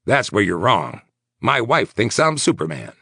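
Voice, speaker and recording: A man's voice: lowish voice, wildly swooping pitch, measured pace, creaky, bright, forceful tone, breathy edge, dry recording, studio quality, pitched above the performer's own voice, heavily acted. A man voicing a tense, jittery small-town mayor. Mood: worried. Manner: tense, clipped, insistent. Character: nervous sweating middle-aged male mayor.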